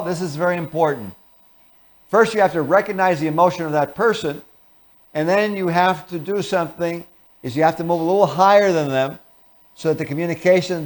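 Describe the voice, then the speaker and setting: A man hosting a talk show, giving an earnest, animated motivational lecture and acting out examples. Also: fairly high pitch. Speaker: host and lecturer.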